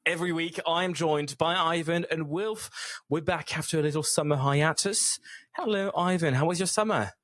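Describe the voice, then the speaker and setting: A man's voice: fairly high pitch, normal speed, a bit bright, dry recording, studio quality. A man hosting a casual podcast chat, jokey and playful as he leads the talk. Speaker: podcast host.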